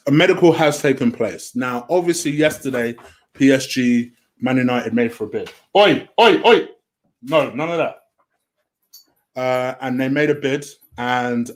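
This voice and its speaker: A man hosting a home-made football transfer rumour show, chatty and easily sidetracked, with a lot of "um". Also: mid-range voice. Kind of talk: casual solo commentary. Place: home room.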